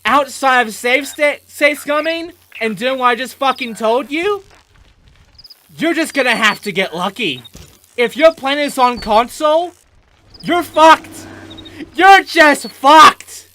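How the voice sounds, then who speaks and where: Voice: high-pitched, animated, a little slow, bright, forceful tone, a little hiss or hum. A gaming host giving let's play commentary, ranting in a profane, exasperated way.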